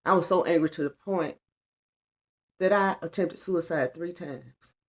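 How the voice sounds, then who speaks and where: A middle-aged woman with a fairly low voice speaks at a measured pace, sharing an earnest, colloquial personal testimony on her spiritual vlog. She repeats lines for emphasis.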